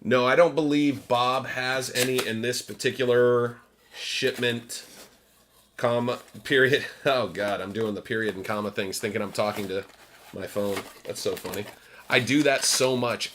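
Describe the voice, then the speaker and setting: A man's voice: on the low side, a bit bright. A man hosting a livestream, chatting casually and joking, laughing at himself. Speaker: livestream host.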